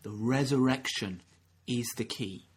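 A man delivers a sermon with a husky, slightly breathy voice at a middling pitch. He speaks earnestly and conversationally, circling back over his phrases as he explains. He slips into the voices of the people he quotes to bring the story to life. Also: a little slow. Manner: earnest, acts out quoted speakers, frequent restarts. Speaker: preacher.

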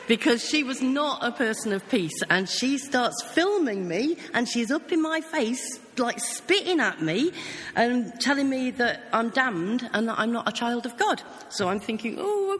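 British accent, preacher, sermon, earnest storytelling, middle pitch, long hall reverb. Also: animated, a little slow, a bit bright.

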